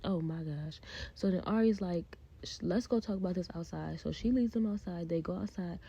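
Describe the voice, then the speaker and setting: A woman's voice: fairly low pitch, normal speed, creaky, mellow, husky. A woman casually recapping a reality show, chatty and blunt with her opinions. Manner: chatty, blunt opinions, acts out cast quotes. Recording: dull lo-fi sound.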